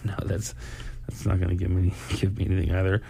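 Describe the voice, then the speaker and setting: A man hosting a live stream, rambling and laughing as he chats casually. His low voice is gravelly and mellow. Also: level tone, fast talker, slight background noise.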